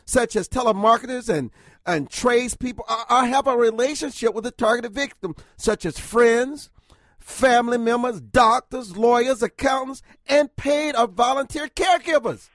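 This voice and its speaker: A man with a notably high voice hosts a radio talk show. He speaks earnestly and with emphasis, running through lists of points. The sound is dry and close, with no room echo. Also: normal speed.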